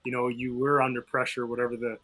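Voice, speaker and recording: A man co-hosting a podcast, asking questions in a halting, conversational way. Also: medium pitch, monotone, fairly bright tone, poor audio. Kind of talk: casual podcast talk.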